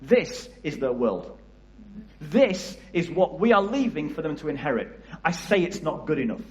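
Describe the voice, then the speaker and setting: A man's voice: fairly high pitch, very animated, moderate pace, darkish tone, reverberant, poor audio. A man with a Liverpool area English accent giving a passionate church talk about youth work, often asking the audience questions. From England. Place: church hall.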